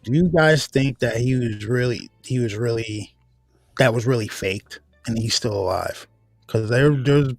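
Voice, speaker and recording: Man, halting questions, casual panel talk, dry close sound. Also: mid-range voice, no room sound. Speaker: panel guest.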